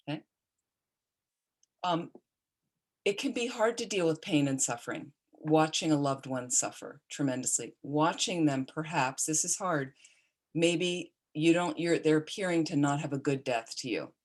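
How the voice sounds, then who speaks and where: A middle-aged woman, a Buddhist nun, giving a calm, conversational dharma talk with personal stories. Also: sits low. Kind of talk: dharma talk on caring for the dying.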